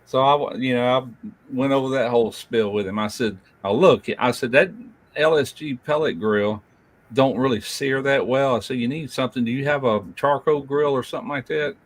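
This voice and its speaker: A man's voice: mid-range voice, a little fast, no echo. An older man hosting a casual live chat, telling blunt, folksy stories about work and family. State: feeling unwell. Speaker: host.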